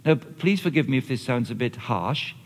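Male preacher, lively conversational delivery, middle pitch, echoing hall sound. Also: fairly quick, vocal fry. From Australia or Britain, not the audience's country. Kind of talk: sermon. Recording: long reverb of a large hall.

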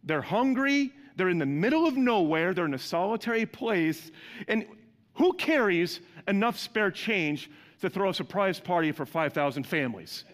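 A male pastor giving a sermon, animated and putting questions to the congregation. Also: high voice, moderate pace, long reverb tail.

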